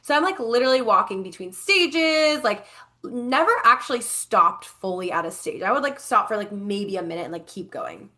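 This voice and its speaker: A young woman co-hosting a podcast, telling a story in a casual chatty way with lots of fillers and lively quoted voices. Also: medium pitch, normal speed. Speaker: podcast co-host.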